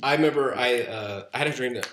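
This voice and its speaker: A man's voice: medium pitch, fast. A young man in casual chat with friends, telling a story animatedly and swearing freely. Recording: roomy sound with faint noise.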